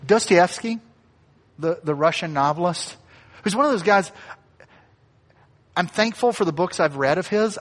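A pastor with a fairly high voice preaches a sermon in a relaxed, conversational style, acting out the lines he quotes and adding light asides. A long church reverb surrounds his voice.

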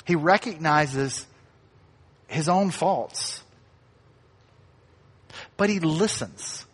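A pastor preaching a sermon in a conversational way, acting out quoted lines and adding light asides. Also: male voice, a little high, very slow, slightly rough, long reverb tail.

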